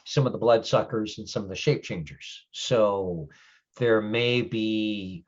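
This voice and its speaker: A man playing a gruff, grumpy older male changeling lord who speaks bluntly and swears in halting explanations. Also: fairly low pitch, highs cut off. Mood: stern.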